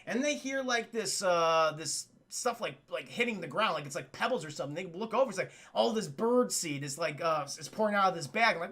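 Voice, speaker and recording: A man with a high, animated, pushed and bright voice talks a little fast with few pauses while streaming a cartoon review. His casual live-stream commentary is profane and rambling, and he keeps addressing his chat.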